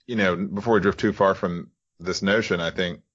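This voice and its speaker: Male podcast co-host, very low voice, forceful bright tone, slightly lo-fi audio, rambling. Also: fairly even intonation, moderate pace. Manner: rambling, hedging with "you know" and "I think". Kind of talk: podcast interview.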